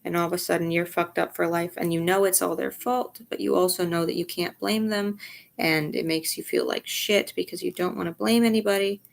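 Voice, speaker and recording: A woman's voice: on the low side, steady tone, fairly quick, gravelly. A young adult woman talking frankly to camera in a rambling personal vlog. She sounds tired, swears freely, and often sinks into a near whisper. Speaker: vlogger. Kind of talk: candid personal vlog monologue.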